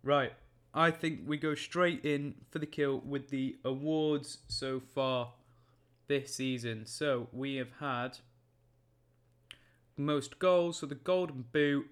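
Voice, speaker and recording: A young man, hosting a casual solo football podcast in a rambling, jokey way with quick self-corrections. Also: medium pitch, steady tone, clean tone.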